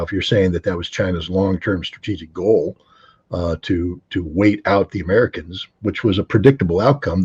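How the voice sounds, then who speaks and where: A man speaking as a guest commentator on a live call-in show, measured and reflective in long unhurried stretches. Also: sits low, darkish tone, breathy edge, dull audio.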